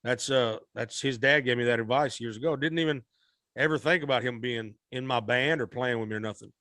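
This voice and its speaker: A man's voice: medium pitch, fairly quick, bright, forceful tone, no echo. Folksy man telling a story. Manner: rambling, repeats and restarts, Southern-style folksy speech. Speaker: musician guest. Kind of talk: storytelling in a podcast interview.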